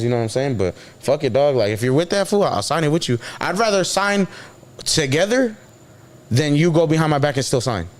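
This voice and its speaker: A man's voice: on the high side, expressive, a little fast. Slangy man telling a story. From San Diego. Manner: slangy, swears often, acts out quotes. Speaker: guest. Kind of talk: casual storytelling in an interview.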